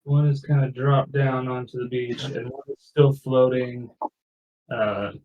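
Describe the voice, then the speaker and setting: A man running a tabletop game at a slow, unhurried pace with middle pitch. He describes the scene in halting bits. His voice comes through dull lo-fi call audio. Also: steady tone, background noise. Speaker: game master.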